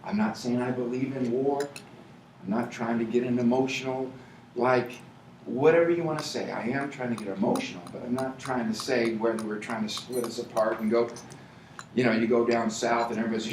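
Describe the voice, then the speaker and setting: A man giving a rambling motivational speech to an audience, often laughing and building up to shouting. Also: mid-range voice, fairly even intonation, a little fast, creaky, noisy background. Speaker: motivational speaker at a company event. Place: event hall with an audience. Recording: echoey hall, mic from far off.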